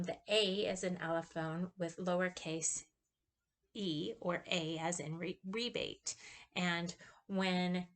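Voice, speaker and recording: A woman giving a recorded class presentation, explaining carefully with pauses and fillers. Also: lowish voice. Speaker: student presenter.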